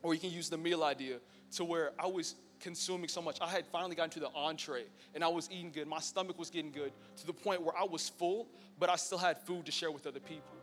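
A man's voice: fairly high pitch, fairly even intonation, fast talker, hardly any pauses, a bit bright. Young guy doing his testimony at church, chatty and joking, echoey hall, faint music. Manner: casual, storytelling, joking with the crowd. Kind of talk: personal testimony to a live audience.

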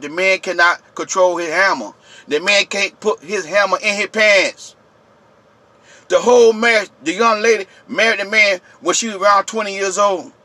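A man rants to his viewers, preachy and repetitive. He yells in a high, bright voice. The recording is dry and close. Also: no echo. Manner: yelling, preachy, repetitive, addresses viewers directly. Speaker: channel host. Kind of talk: impassioned vlog rant.

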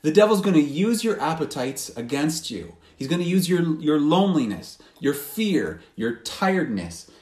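A man's voice: fairly high pitch, sing-song, moderate pace, hardly any pauses, a little mellow. A man preaching a sermon as pastor, earnest and questioning, often restarting his sentences. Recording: roomy hall.

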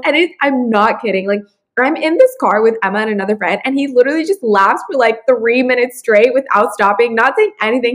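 A woman's voice: a little high, fairly quick. A young woman telling a funny story in casual chat, laughing often and acting out the people in it. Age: young adult. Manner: animated, giggly, acts out voices in her stories.

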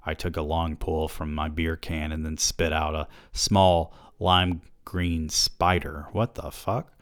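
A man's voice: rumbling low, flat delivery, slow pace, clear, resonant tone, no room sound. A man hosting a podcast who reads a novel aloud in a dry, wry way and breaks in with asides, on a close microphone.

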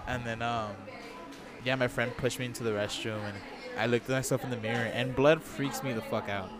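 A laid-back man of average pitch chats as a podcast guest, swearing freely and laughing at his own stories. Music plays clearly behind him. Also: fairly even intonation, fairly quick. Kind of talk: casual chat.

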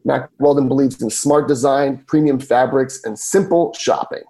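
A man's voice: mid-range voice, steady tone, moderate pace, mellow, poor audio. Guy doing a chatty ad read on his podcast, normal mid voice, upbeat. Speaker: podcast host reading an ad. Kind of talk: casual host-read ad.

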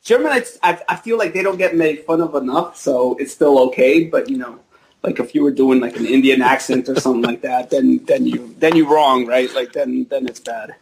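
A man hosting a podcast in casual chat, telling stories in a joking, animated way. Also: medium pitch, normal speed, vocal fry, slightly rough. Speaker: podcast host.

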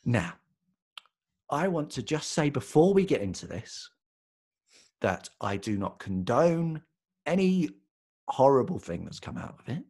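A British man co-hosting a podcast, chatting casually and telling an animated story with frequent laughter. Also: medium pitch, a little slow, pauses often, husky. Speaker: podcast co-host. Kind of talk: casual chat.

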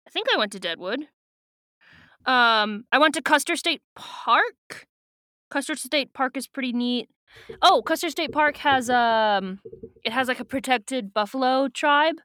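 A woman's voice: high-pitched, lively intonation, measured pace, bright, forceful tone, dry recording, studio quality. A woman co-hosting a podcast, chatting casually and giggly with lots of fillers. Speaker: podcast co-host. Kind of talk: casual chat recapping a book.

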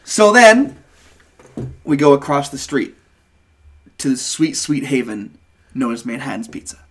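A man's voice: medium pitch, big pitch swings, measured pace. A young man telling a rambling, profane story on a casual podcast. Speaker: podcast co-host.

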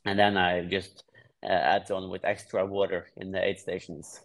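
Relaxed man from Norway, low voice. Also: normal speed, creaky. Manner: relaxed, explains plainly with frequent restarts. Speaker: guest triathlete. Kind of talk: casual podcast interview.

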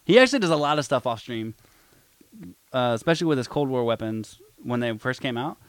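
A man co-hosting a podcast, a streamer talking in relaxed, profane casual chat. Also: mid-range voice, fairly quick, clear, resonant tone, no echo. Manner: relaxed, profane, acts out quotes.

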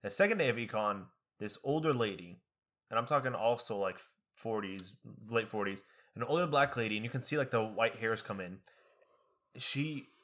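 Young male student, bright and punchy tone, animated, exasperated storyteller. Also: medium pitch. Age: young adult. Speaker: college student. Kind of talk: casual chat.

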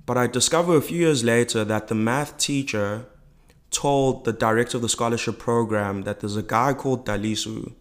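A young man from South Africa, a podcast guest, telling a personal story in a reflective, halting way with many fillers. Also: medium pitch.

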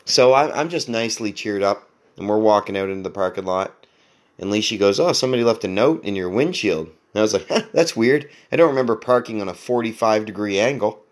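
A man's voice: lowish voice, lively intonation, brisk. A man hosting a podcast, telling a long story casually, with lots of swearing, restarts and laughter. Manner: rambling, profane, self-mocking, laughs often. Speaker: podcast host.

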